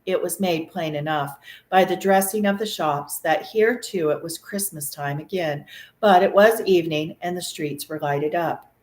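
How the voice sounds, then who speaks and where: A woman reading a classic novel aloud with expressive, animated storytelling, in a room of an old mansion. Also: on the low side, normal speed. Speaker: reader. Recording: echoey room.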